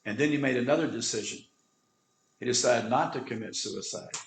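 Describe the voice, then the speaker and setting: A man tells a moving story at an even pace and in a medium-pitched voice. His delivery is earnest, and he uses dramatic pauses to let moments land. The room around him is noticeably echoey. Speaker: instructor. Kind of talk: storytelling talk.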